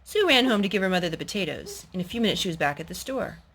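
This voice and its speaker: A woman reading a picture book aloud at home with her child, gentle and animated. Her pitch is mid-range but rises and falls a lot. There is a faint hiss behind her. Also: quick pace. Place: at home indoors.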